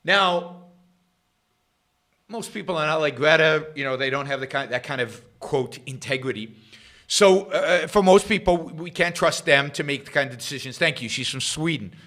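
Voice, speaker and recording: A middle-aged man hosting his own show, giving sarcastic political commentary that swings between loud jabs and muttered asides. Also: fairly high pitch, moderate pace. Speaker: podcast host.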